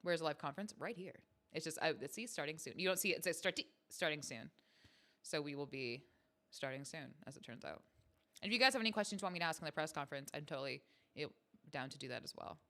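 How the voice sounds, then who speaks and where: A woman's voice: deep voice, lively intonation, fast, fairly bright tone. A woman hosting a livestream from home, chatting casually with her viewers in a playful, self-mocking way. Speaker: stream host.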